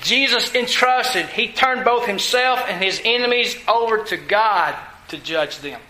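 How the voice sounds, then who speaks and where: A man's voice: high-pitched, lively intonation, a little slow, bright, forceful tone, echoey room, poor audio. A man preaching a sermon, emphatic, asking his listeners questions and answering them himself. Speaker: pastor.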